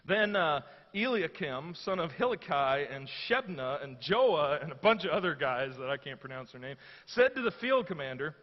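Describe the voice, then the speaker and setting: A man with a fairly high voice preaches a sermon in a church, chatty and storytelling in tone and acting out the lines of the people in the story. His voice rings with a long reverb, and the recording sounds dull and lo-fi. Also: big pitch swings, moderate pace, hardly any pauses. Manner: conversational storytelling, acts out quotes. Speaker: pastor. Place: church hall. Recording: echoey hall, dull lo-fi sound.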